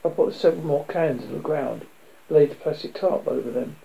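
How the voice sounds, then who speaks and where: A man voicing a steady, level-headed young man in a read-aloud story. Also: fairly high pitch, a little fast, gravelly, highs cut off, a little hiss or hum. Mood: explaining.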